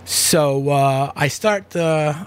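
A man's voice: on the high side, drawn-out words, clear, resonant tone. A man hosting his own talk show from home, rambling casually through asides with lots of fillers. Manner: chatty, meandering, many fillers and asides. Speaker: podcast host. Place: home room with air conditioner.

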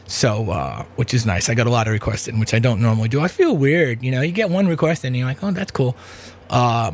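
A man's voice: mid-range voice, a little mellow. A man hosting his own talk show from home, rambling casually through asides with lots of fillers. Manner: chatty, meandering, many fillers and asides. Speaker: podcast host. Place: home room with air conditioner.

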